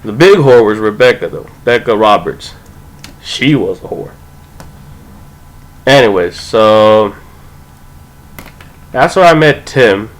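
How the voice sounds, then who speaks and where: A young man tells a loose, meandering story in casual talk. His voice sits a bit on the low side, and he keeps tripping over fillers like "like" and "you know", with a fair bit of swearing along the way. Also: animated, slow, long pauses, rough recording. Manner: rambling, filler-heavy, profane, with lots of "like" and "you know". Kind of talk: casual rambling anecdote.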